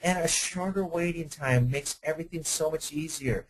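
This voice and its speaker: Speaking at a moderate pace with a fairly high pitch, a man trains car sales staff over a webinar. He works for a dealership and sounds energetic and conversational, asking question after rhetorical question. The audio is poor.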